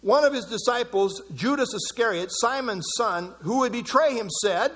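A man preaching an expository sermon, reading scripture and quotes aloud and adding animated, chuckling asides. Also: extremely high pitch, moderate pace, hardly any pauses.

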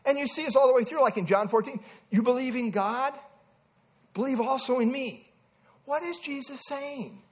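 Man, preacher, sermon, emphatic, animated, high voice.

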